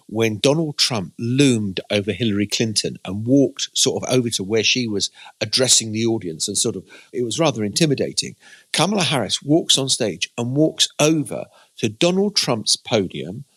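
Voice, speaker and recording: A man co-hosting a political podcast, recalling events and weighing them up in a measured, reflective way. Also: on the low side, fairly bright tone, husky. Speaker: podcast co-host. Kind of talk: conversational political analysis.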